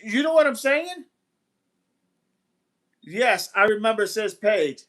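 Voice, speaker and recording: High-voiced man rambling on a livestream. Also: animated, slow pace, a bit bright. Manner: rambling, repeats himself, retells events. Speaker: livestream host. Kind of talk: casual live-stream talk, reading chat.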